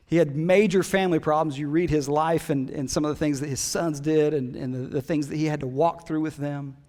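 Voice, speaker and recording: Emphatic preaching man in reverberant hall. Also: high voice. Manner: conversational, emphatic preaching with asides. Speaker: pastor. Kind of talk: sermon. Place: church hall.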